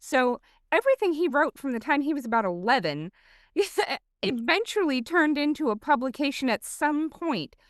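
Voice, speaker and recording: A woman's voice: high voice, sing-song, moderate pace, no echo, studio quality. A woman co-hosting a podcast, casually explaining her ideas in long, thoughtful sentences. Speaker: podcast co-host. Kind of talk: casual chat.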